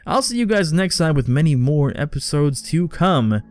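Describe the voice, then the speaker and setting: Lively young man doing game commentary. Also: a little high, normal speed. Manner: swearing, exasperated outbursts at the game. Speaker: let's play host. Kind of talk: casual gameplay commentary.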